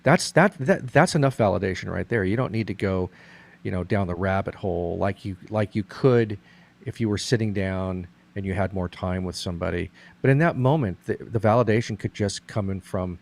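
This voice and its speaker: A man's voice: sits low, brisk, vocal fry, darkish tone. A middle-aged man in casual conversation, earnestly explaining a point with many restarts.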